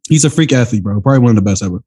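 A man in casual podcast banter, his husky voice swinging widely in pitch. He talks in slang and breaks into laughter often. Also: expressive, racing, a little mellow. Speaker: podcast co-host. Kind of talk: casual chat.

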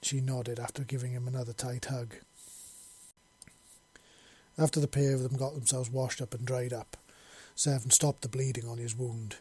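A man reading fan fiction aloud, steady with small slips and restarts. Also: mid-range voice, moderate pace, breathy edge. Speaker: narrator.

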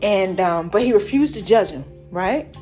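Woman, casual faith chat, acts out voices, soft music behind. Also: mid-range voice, moderate pace. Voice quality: lively storytelling with acted voices. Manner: chatty, keeps asking "right?". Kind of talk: casual faith talk to followers.

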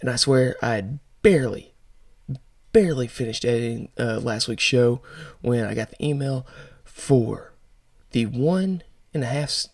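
A man's voice: medium pitch, gravelly, no room sound, studio quality. A man hosting a casual podcast about toys, telling a joke and chatting playfully with listeners. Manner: jokey, self-deprecating, playful asides. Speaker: podcast host. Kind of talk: casual joke-telling and toy news chat.

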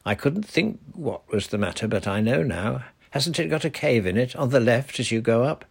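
A man's voice: mid-range voice, animated, moderate pace, vocal fry, slightly rough, pitched above the performer's own voice. A man voicing a kind, stout grown-up uncle in a storybook reading, jovial and teasing.

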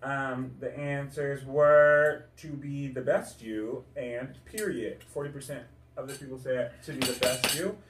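A man's voice: mid-range voice, measured pace, slight background noise. Easygoing man reading poll results. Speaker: host. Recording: roomy sound from a distant mic.

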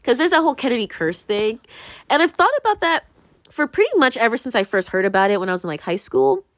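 A woman's voice: on the high side, very animated, fast, no echo, clean studio sound. A young woman talking casually to camera in a rambling monologue, full of fillers, restarts and sudden swings.

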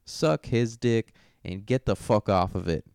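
Foul-mouthed young male host riffing on match results; smooth, resonant low voice. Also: unhurried, darkish tone, no room sound, clean studio sound. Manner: profane, brash and joking. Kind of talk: casual sports commentary monologue.

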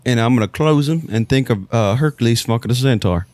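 A man's voice: mid-range voice, brisk, darkish tone, dry recording. A man performing an improvised comedy scene on a podcast. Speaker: podcast co-host.

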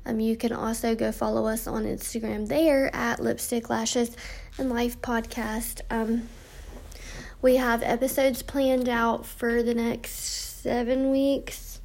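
A woman's voice: a little high, little pitch movement, slow, vocal fry, a little mellow. A young woman hosting a podcast, chatting casually with lots of ums, tired and yawning late at night. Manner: chatty, frequent ums, reading from notes. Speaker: podcast host. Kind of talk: casual podcast intro monologue.

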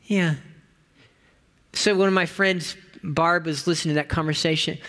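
Bright-voiced man preaching a sermon. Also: on the high side, fairly even intonation. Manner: storytelling, reads scripture slowly and solemnly. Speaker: pastor.

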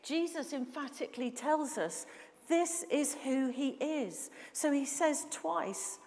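A woman preaching a sermon, measured and emphatic, putting questions to the congregation. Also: high voice, a little mellow. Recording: reverberant hall.

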